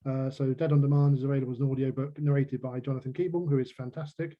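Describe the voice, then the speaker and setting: A man's voice: mid-range voice, little pitch movement, fast, highs cut off. A man, a crime novelist, chatting as a guest on a video call and laughing at his own jokes. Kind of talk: casual video-call chat.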